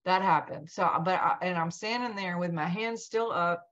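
A woman guest in an interview telling a personal story in a lively way, acting out what each person said. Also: fairly low pitch, normal speed. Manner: animated, acts out quoted dialogue. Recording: dull lo-fi sound.

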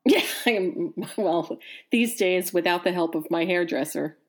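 A woman with a slightly low voice chats casually as a podcast co-host. She reacts often, shares her own stories, and laughs easily. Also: a little slow. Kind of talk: casual chat.

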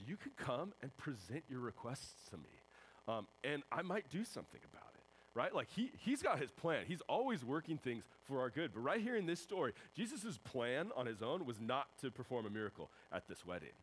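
Young male youth pastor, casual sermon, very lively intonation, mid pitch, faint hum behind. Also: poor audio. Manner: casual, animated, acts out voices in quotes. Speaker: high school pastor.

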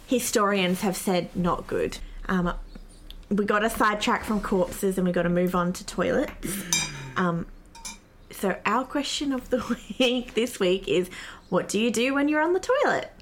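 A woman co-hosting a casual podcast over a remote call, giggly and animated. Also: mid-range voice, measured pace, a little hiss or hum. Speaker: podcast co-host. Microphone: remote call mic.

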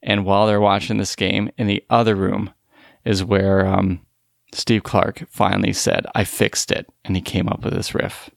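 A man's voice: fairly low pitch, little pitch movement, normal speed, creaky. A man co-hosting a casual music podcast, easygoing as he leads the discussion. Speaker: podcast co-host.

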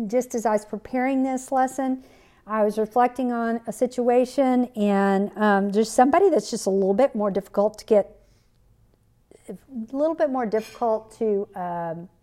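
A woman's voice: fairly high pitch, a little mellow. Earnest woman giving a devotional talk. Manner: earnest and personal, with many fillers and restarts. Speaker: podcast Bible teacher. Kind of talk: conversational devotional teaching.

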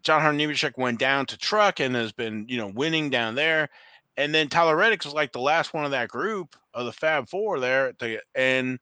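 A man's voice: mid-range voice, moderate pace, bright, forceful tone, smooth, no room sound. A man co-hosting a podcast, talking casually and rambling a little, correcting himself as he goes and laughing easily. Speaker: podcast co-host. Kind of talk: casual chat about racing and trading cards.

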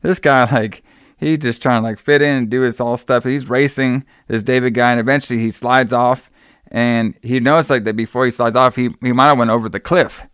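Man, casual movie recap, rambling, swearing, smooth resonant voice, dry close sound. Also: mid-range voice, steady tone, fairly quick, a bit bright, no room sound.

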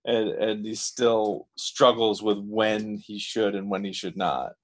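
A man's voice: lowish voice, little pitch movement, slow pace. A man chatting on a podcast about a TV episode, thoughtful and stammering on his opening words. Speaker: podcast co-host. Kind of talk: casual TV recap chat.

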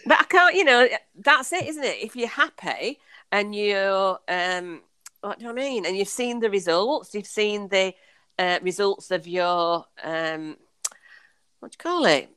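A woman's voice: medium pitch, lively intonation, moderate pace, bright, forceful tone, smooth, no room sound. A woman, a podcast guest, talking chattily and enthusiastically with many fillers and restarts. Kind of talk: casual conversational storytelling.

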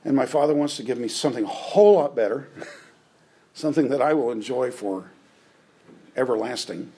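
A man's voice: mid-range voice, lively intonation, normal speed, dark tone, breathy edge, rough recording. A man preaching a conversational sermon, often checking in with his listeners. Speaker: pastor.

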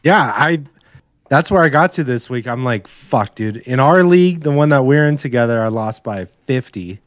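A man's voice: medium pitch, lively intonation, moderate pace, dry recording, studio quality. Laid-back young man, blunt and sweary. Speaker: podcast co-host. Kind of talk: casual sports chat.

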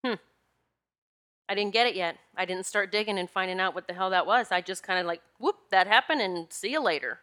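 Bright-voiced woman telling a personal story. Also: mid-range voice, fairly quick. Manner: animated, confiding, addresses listeners directly. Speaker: spiritual energy practitioner. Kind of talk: casual storytelling monologue.

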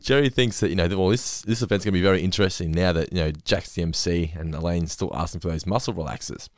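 A man's voice: low-pitched, fairly even intonation, fast talker, dry recording, studio quality. A man co-hosting a podcast, recapping scenes casually and laughing as he quotes lines. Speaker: podcast co-host. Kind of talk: casual chat.

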